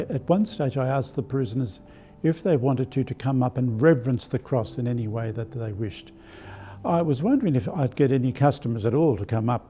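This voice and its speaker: An older Australian archbishop telling personal stories in a live-streamed spiritual talk, with a gentle anecdotal manner and many fillers. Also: male voice, medium pitch. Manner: warm anecdotal, hesitant with fillers.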